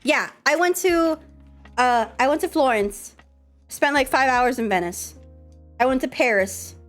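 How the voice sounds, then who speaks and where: Sick streamer lady, kinda high lively voice, cussing at chat, coughing, music playing low. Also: measured pace. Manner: excitable, swears, scolds chat playfully. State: has a cold, coughing. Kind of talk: casual live-stream chat.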